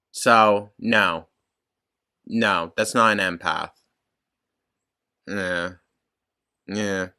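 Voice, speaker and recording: A blunt reaction host who talks slowly and deliberately, with a bright, sharp edge to the voice. The pitch swings widely as the speaker drifts between mockery and disbelief, swearing freely along the way. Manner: sarcastic, frequent swearing and laughter. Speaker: commentary YouTuber host. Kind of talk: reaction commentary.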